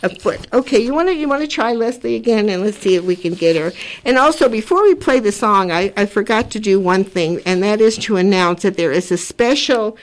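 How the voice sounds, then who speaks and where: An older woman, talking earnestly as a community radio host. She rambles and circles back to repeat herself while she finds her words. Her voice sits at a mid pitch for a woman. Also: lively intonation, fairly quick. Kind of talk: community radio talk show.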